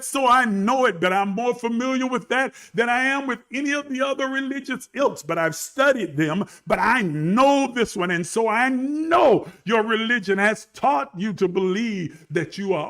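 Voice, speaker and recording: Brief: man, preacher, slow and emphatic, high voice, challenges his listeners directly. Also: fairly bright tone. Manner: emphatic, rhetorical, calling out to the listeners. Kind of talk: sermon.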